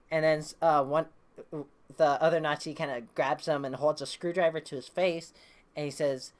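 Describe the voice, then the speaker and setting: A woman's voice: sits low, fairly even intonation, normal speed, darkish tone. A woman reviewing a comic book issue, casually retelling the plot with lots of fillers and restarts, reading the characters' lines in her own voice. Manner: rambling, hesitant with many fillers and restarts; reads quoted dialogue in her own voice.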